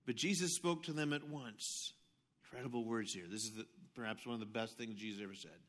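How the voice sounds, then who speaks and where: Bright-voiced animated male pastor. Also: on the high side, quick pace. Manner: animated storytelling, swinging between hushed asides and loud outbursts. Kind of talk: sermon.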